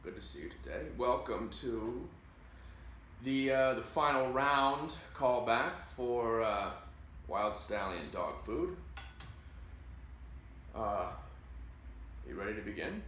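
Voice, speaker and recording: A man playing an offbeat casting director who gives halting, filler-heavy directions. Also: mid-range voice, expressive, a bit bright. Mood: offhand. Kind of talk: comedy sketch acting. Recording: echoey room, faint hiss.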